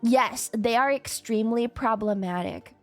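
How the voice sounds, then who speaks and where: A woman streamer chatting casually and telling stories with lively acted-out quotes and frequent laughter. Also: a little high, a little slow, soft background music. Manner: animated storytelling, acts out quotes, frequent laughter. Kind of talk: casual livestream chat.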